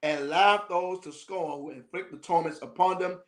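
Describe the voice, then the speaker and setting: A high-pitched man leads a teaching session, reading a passage aloud and cutting in with loose, slangy jokes. He laughs often between the lines. The room around him rings with a noticeable echo. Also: fairly even intonation, normal speed, a bit bright. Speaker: minister teaching a class. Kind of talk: reading a text aloud and commenting casually.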